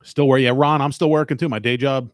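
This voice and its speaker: A man's voice: mid-range voice, steady tone, fast talker, dry recording, clean studio sound. A middle-aged man with a New York accent, hosting a podcast in casual banter and teasing with a lot of swearing. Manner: profane, teasing, wisecracking. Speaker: podcast host.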